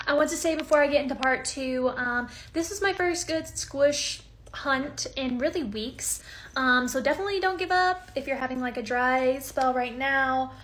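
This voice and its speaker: A high, bright-voiced woman chats through her haul, filling gaps with frequent ums. The sound is roomy and echoey. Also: normal speed. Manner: hesitant, many ums. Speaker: unboxing video creator. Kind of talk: casual haul chat.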